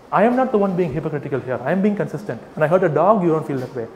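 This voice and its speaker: Man, higher voice, lively mocking talk to a crowd, echoey hall, faint room noise. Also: rapid-fire, hardly any pauses. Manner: animated, mocking, acts out scenes with quoted voices. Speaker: vegan activist speaking to an audience. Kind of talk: live public talk to a crowd.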